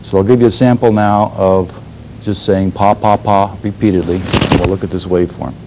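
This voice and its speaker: A man teaching a class, explaining a lab demonstration in a measured way, pausing and clearing his throat now and then. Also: low-pitched, steady tone, noisy background. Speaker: instructor.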